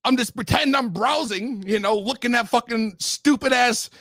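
A young man hosting a show, telling a profane comic rant and breaking into shouts. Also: extremely high pitch, moderate pace, creaky, no echo, studio quality. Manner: profane, animated, swings to shouting. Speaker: host.

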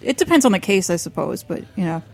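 A woman's voice: on the low side, very animated, fast talker, creaky. A woman musician guesting on a studio show, adding short, dry quips. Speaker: musician, band member guest. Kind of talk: casual studio interview.

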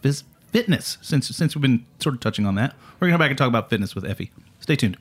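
A man's voice: mid-range voice, lively intonation. A man hosting a podcast, joking casually with his guest. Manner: jokey, quick interjections. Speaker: podcast host. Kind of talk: casual chat.

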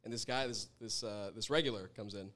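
A man's voice: fairly low pitch, a little fast, a bit bright. A young adult man, a chef guest, telling a rambling story in a casual interview, laughing often and swearing freely.

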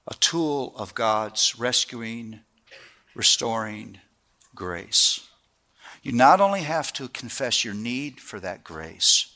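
A middle-aged man preaching a sermon, telling family stories in a lively way and then dropping to a hushed, earnest tone. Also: fairly low pitch. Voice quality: animated storyteller who drops to a hushed, earnest tone.

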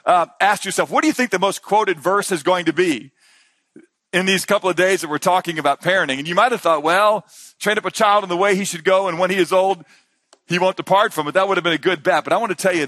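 A man preaching at a conference, animated, acting out quotes and dropping to a hush for emphasis. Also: high voice, no room sound. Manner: animated preaching, voices Jesus and disciples in quotes, drops to hushed emphasis. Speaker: pastor. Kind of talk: sermon. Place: conference hall.

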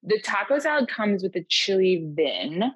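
Very animated and slightly rough, her mid-range voice moves at a moderate pace as she co-hosts a laid-back, funny podcast conversation from a house in New Orleans. She laughs a lot and keeps a wry edge. The audio is poor but has no room sound.

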